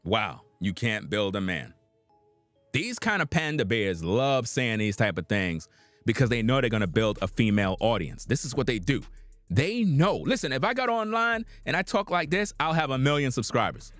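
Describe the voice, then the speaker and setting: A man's voice: medium pitch, sing-song, moderate pace, fairly bright tone, no echo, soft background music. A man giving blunt, preachy reaction commentary on a livestream, lecturing his audience in casual slang.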